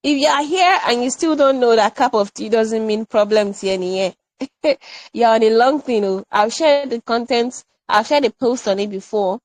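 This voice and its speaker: A woman teaching an online English grammar workshop, animated and playful, drilling example sentences again and again. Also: fairly high pitch, normal speed, no room sound, poor audio.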